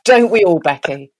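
A woman with a Southeast London accent, co-hosting a podcast in casual, enthusiastic chat. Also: low-pitched. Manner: chatty, enthusiastic, reads listener emails aloud. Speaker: podcast co-host.

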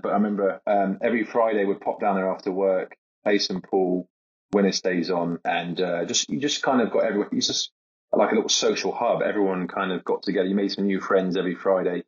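A man in his thirties, a comedian guest, telling casual anecdotes in a hesitant, rambling way and laughing through them. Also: low voice. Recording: dull lo-fi podcast audio.

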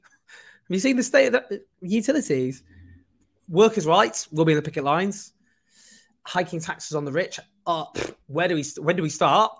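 A man hosting a political livestream, impassioned and sarcastic with quick asides. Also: on the high side. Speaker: host.

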